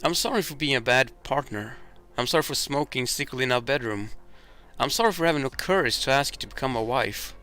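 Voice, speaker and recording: A man reading aloud as a trapped young man writing a farewell letter, louder and earnest. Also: mid-range voice, brisk, soft background music, lightly acted.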